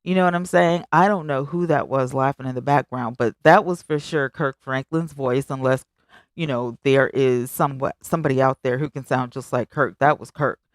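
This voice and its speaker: Hosting a live stream, a woman talks casually and emphatically with viewers and reads their comments aloud. She's chatty and animated, hitting high notes on exclamations and speaking directly to them. Clean studio sound, no room sound.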